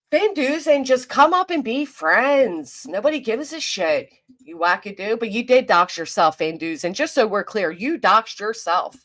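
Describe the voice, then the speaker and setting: Reading viewer comments on her casual livestream, this South Jersey woman talks fast and clipped, teasing people and swearing freely. Her voice sits in the middle range with a slightly bright quality.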